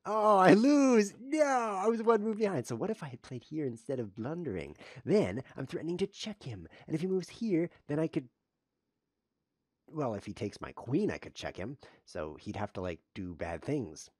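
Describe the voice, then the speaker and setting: A husky, medium-pitched male voice at a moderate pace provides live commentary on his own online chess play. Dry jokes about himself are punctuated by startled yelps over blunders. The studio sound is clean, with no echo.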